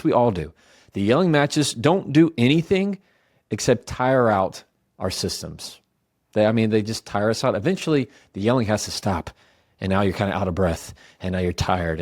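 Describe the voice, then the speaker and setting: A man talks straight to his listeners like a coach, leaning hard on key words and letting his voice swing up and back down. His voice sits a little low. The sound is dry and close, with no room around it. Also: dry recording. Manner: emphatic, coaching tone with lively ups and downs. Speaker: podcast host. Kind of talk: conversational advice talk.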